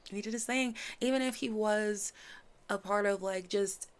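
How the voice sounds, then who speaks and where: A woman reviewing a series in casual chat, animated, acting out characters' lines as she recaps. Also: mid-range voice, measured pace, clear, resonant tone. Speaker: show reviewer.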